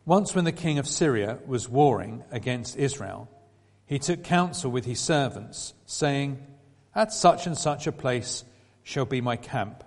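A man reads scripture aloud at a middling pitch, in a measured, steady delivery. He lifts his voice slightly when quoting the characters. The sound rings on in a long hall reverb. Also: vocal fry. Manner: measured, lifting his voice for quoted speech. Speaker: scripture reader. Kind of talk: scripture reading.

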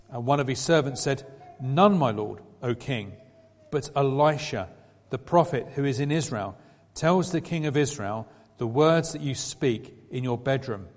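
A man reading a scripture passage aloud in a measured way, lifting his voice a little for quoted speech. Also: medium pitch, a little mellow. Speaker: scripture reader. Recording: long reverberant hall.

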